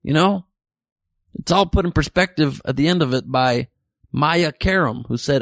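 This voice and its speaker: Man, podcast host, comedic news show, gravelly voice, dry close sound. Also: on the high side, moderate pace, no room sound. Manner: jokey, irreverent, animated asides.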